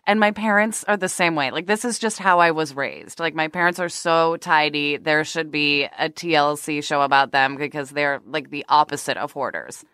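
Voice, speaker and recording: A woman hosting a podcast, chatting and telling stories in an excitable, bubbly way and laughing often. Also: sits low, moderate pace, few pauses, clear, resonant tone, dry recording, clean studio sound. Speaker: podcast host. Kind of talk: casual podcast chat and storytelling.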